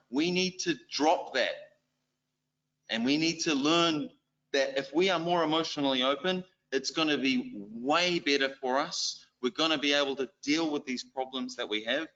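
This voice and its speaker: A man with a New Zealand accent gives a lively church exhortation, with self-mocking stories. His voice is bright and a little high. The recording is dull and lo-fi. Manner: animated, self-deprecating storytelling. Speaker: lay preacher and schoolteacher.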